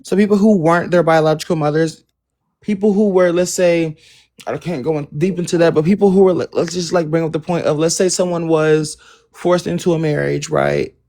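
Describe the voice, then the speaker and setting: A woman's voice: low voice, fairly even intonation, a little fast, dark tone. A woman hosting a casual online panel, running through the rules in firm repeated lists with scattered ums. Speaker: livestream panel host. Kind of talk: casual moderated panel chat.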